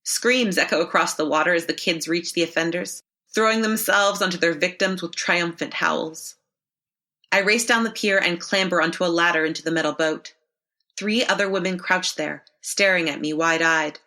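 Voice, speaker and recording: A woman narrating a first-person horror story in a measured, expressive read. Her voice sits slightly low but rings bright and forward.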